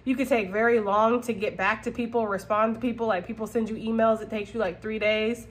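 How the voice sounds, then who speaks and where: A woman with a fairly high voice gives a casual tarot reading straight to her viewers. She is blunt and swears freely. She laughs often and keeps checking in with "okay?". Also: steady tone, a little fast. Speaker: tarot reader.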